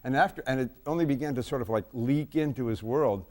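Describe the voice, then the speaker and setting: A man's voice: medium pitch, darkish tone. A man chatting as a musician guest on a TV show, telling stories in a joking way. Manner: slow, joking storyteller. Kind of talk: casual chat.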